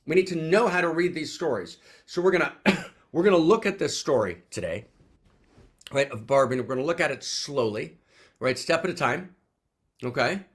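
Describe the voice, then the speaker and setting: Brief: male teacher on a video call, lively swooping pitch, exuberant, keeps checking in with his listeners. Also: moderate pace. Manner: exuberant, repeats questions, peppers talk with "right?". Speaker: teacher leading an online gathering. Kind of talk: animated spiritual teaching talk.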